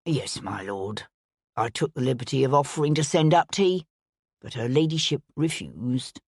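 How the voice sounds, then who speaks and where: A woman voicing a grave, long-suffering male butler who speaks slowly and solemnly. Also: extremely low pitch, animated, a little mellow, husky, no echo, studio quality, pitched below the performer's own voice, full character voice. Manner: slow, solemn.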